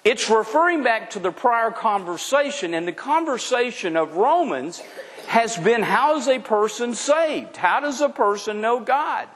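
A male preacher with a high voice that rises and falls widely, delivering his sermon slowly and emphatically. He asks rhetorical questions and keeps repeating his key points. His voice carries a long reverb, as though in a large hall. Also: lively intonation, a bit bright. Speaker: pastor.

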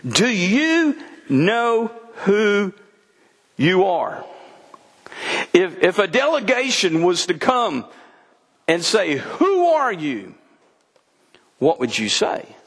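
Animated older preacher in a reverberant hall. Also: male voice, high-pitched, takes it slowly, pauses often, slightly rough. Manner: folksy storytelling preacher, voice rising and dropping for emphasis. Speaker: pastor. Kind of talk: sermon.

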